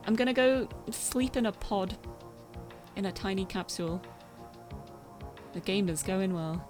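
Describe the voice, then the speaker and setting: A woman's voice: moderate pace, over music. Giggly, chatty woman streamer. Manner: chatty, giggly, expressive, often jumps up in pitch. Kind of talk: casual game stream chat.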